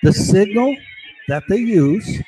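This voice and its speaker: An agitated man rants, swearing and shouting insults, and keeps checking in with "right?" and "okay?". His slightly raised voice swings widely in pitch. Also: expressive, slow pace, faint music behind, rough recording. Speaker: vlogger. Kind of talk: angry rant to camera.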